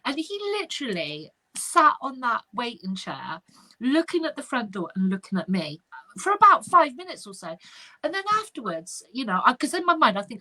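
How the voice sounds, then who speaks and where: Bright-voiced chatty woman. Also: on the high side, brisk, husky. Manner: animated anecdotal, chatty with fillers. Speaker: spiritual medium. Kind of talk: casual storytelling chat.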